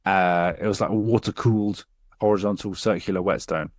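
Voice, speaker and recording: A man, co-hosting a casual podcast and telling sweary, animated work stories. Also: low voice, fairly quick, no room sound, studio quality. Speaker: podcast co-host. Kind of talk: casual chat.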